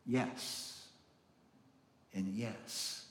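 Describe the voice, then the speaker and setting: Man, preacher, earnest sermon, low voice, unhurried, roomy church reverb. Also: fairly even intonation, fairly bright tone. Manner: slow, earnest, emphatic preaching. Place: church sanctuary. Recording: echoey hall, roomy reverb.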